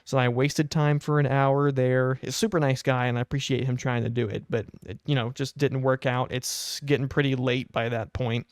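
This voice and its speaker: A young man tells a story in a casual, animated, exasperated way as a podcast co-host. His voice is mid-pitched, smooth and clear. It is recorded close on a mic with a dry sound. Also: normal speed, hardly any pauses, no echo.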